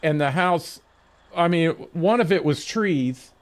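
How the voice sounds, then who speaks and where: A man chats casually at his desk mic while streaming a game, spinning a rambling story full of swearing and restarts. His voice is on the high side with lively intonation, and he talks slowly.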